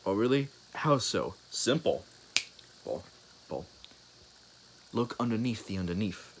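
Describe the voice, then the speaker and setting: A young man improvising a spoken fan story, halting and rambling, with many restarts and fillers. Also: sits low, a bit bright, slight background noise, low-quality recording.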